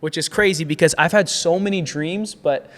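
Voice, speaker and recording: A man's voice: on the high side, normal speed. Earnest man telling his story, reverberant room. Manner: earnest and grateful, animated storyteller. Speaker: agency founder, guest. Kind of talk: casual conversational interview.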